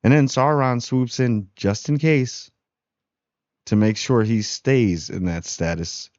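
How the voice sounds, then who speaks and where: Male TV reviewer, relaxed and slangy, dull lo-fi sound with no room echo. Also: medium pitch, slow pace. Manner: rambling, slangy, laid-back. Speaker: TV show reviewer. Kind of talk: casual spoiler review.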